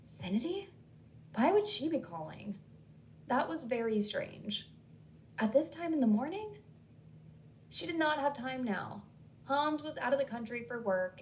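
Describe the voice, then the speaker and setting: A woman narrating a horror story in a measured, scripted reading. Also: a little high, a little hiss or hum, rough recording.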